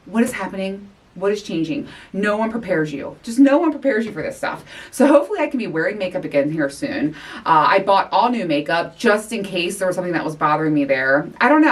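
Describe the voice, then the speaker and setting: A middle-aged woman hosting her own podcast, talking candidly and excitably, a little out of breath, with sighs and laughs. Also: medium pitch, distant mic. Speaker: podcast host. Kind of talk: casual chat.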